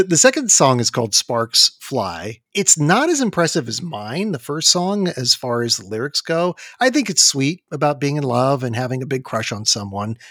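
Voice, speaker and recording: Middle-aged man, podcast host, lively up-and-down delivery, jokey, dry close mic. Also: mid-range voice, dry recording. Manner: playful, jokey. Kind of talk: casual music podcast chat.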